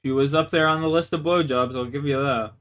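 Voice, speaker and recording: His mid-range voice is steady, brisk and a bit bright. A young man from Canada streaming a game, he shares crude, bragging stories in a rambling, casual storytelling style full of "like" fillers.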